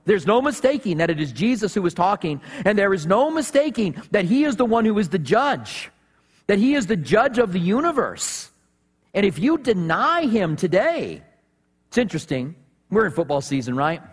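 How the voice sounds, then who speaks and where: Male pastor, high voice, animated storytelling sermon, long hall reverb. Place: church sanctuary.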